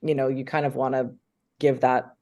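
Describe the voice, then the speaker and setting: A woman, an actress, chatting eagerly as an interview guest, full of filler words and quick asides. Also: extremely low pitch, little pitch movement, a little mellow. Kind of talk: casual interview chat.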